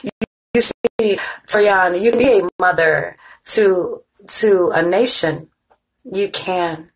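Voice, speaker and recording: A woman's voice: fairly low pitch, slow, slightly rough, poor audio. A middle-aged woman hosting an online show in casual chat, greeting viewers by name and laughing often. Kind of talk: casual live-stream chat.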